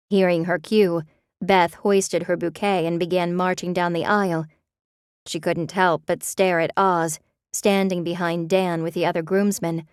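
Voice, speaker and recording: Woman narrator, romance audiobook, measured, expressive, lowish voice, dry close sound. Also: clean tone, no room sound.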